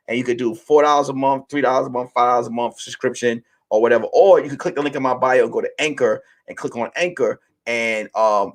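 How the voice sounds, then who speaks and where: A man in his late thirties hosting a casual monologue for his listeners, telling stories in a loose, animated way and swearing freely. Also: mid-range voice. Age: late 30s. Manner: profane, animated storytelling. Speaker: podcast host.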